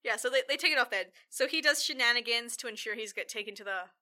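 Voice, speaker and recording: A woman casually recapping a film plot, rambling with lots of fillers and putting on quick voices for the characters. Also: a little high, pushed and bright. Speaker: podcast co-host recapping a film. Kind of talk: casual chat.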